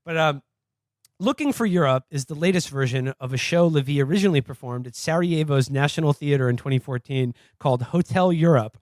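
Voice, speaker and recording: A man's voice: fairly high pitch, fairly quick, a little mellow, no room sound, clean studio sound. A man co-hosting a podcast in casual chat, reading out an article and mocking it sardonically. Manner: sardonic, reads quotes aloud and mocks them. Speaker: podcast co-host.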